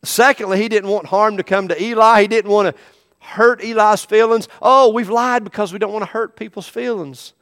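A man's voice: high-pitched, fairly even intonation, normal speed, a bit bright, big-room sound. A man preaching a sermon in a folksy, emphatic storytelling manner.

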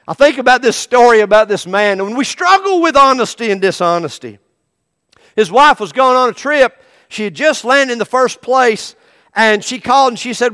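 A man delivers a folksy, emphatic sermon full of everyday stories. His voice sits high and bright. It echoes with the long reverb of a large hall. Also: expressive, normal speed. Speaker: preacher.

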